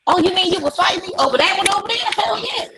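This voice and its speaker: A woman acting out a defiant young woman in a spoken anecdote, talking back loudly and then backing down. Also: very high-pitched, expressive, quick pace, creaky, heavy background noise, pitched above the performer's own voice, exaggerated voice.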